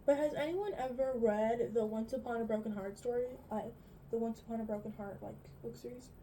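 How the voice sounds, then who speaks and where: In a high, bright voice, a teenage vlogger talks through her makeup in a get-ready-with-me chat, drifting from story to story with lots of "like"s and other fillers. Her animated telling is a little fast, and the low-quality recording sounds close to a phone mic in her bedroom, with a faint hum of room ambience.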